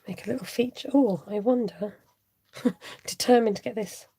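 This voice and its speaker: A woman hosting a live card-making tutorial, chatting warmly as she reads out viewer votes and laughs often. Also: on the high side, moderate pace, breathy edge, no room sound. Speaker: card-making livestream host. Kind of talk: live crafting tutorial chat.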